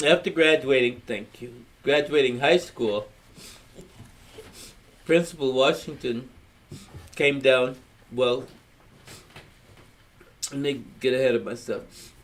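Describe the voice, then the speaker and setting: A man's voice: mid-range voice, slow, long pauses. Older man from Louisiana telling his story. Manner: rambling, plain-spoken storyteller acting out quotes. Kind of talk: storytelling in a family history recording.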